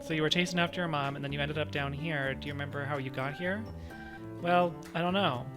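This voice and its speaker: A man's voice: a little high, fairly even intonation, lightly acted. A man voicing a cautious, talkative male sidekick in a game, explaining things with hedges and fillers, with game music behind. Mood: pondering. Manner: quick, wordy reasoning with hedging fillers. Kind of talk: reading game dialogue aloud.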